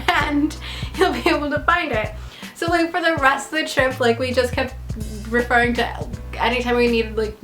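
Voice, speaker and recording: A woman's voice: high voice, a bit bright. A young woman telling travel stories in a chatty, rambling way, full of fillers and laughter. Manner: chatty, rambling, heavy use of "like", laughs often. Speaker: vlogger and actor. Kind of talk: casual storytelling vlog. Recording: echoey room with faint music.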